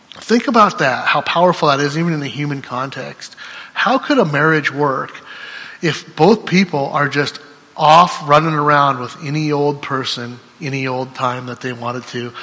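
Male preacher, somewhat high and bright, reads scripture then expounds, big swells and hushed tails, long hall reverb. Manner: swings between loud declarations and soft trailing endings. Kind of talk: sermon with scripture reading.

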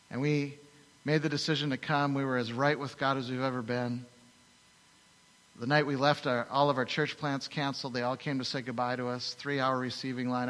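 A male pastor preaching a sermon, telling stories with rhetorical questions and lively asides. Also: mid-range voice, long reverb tail, poor audio.

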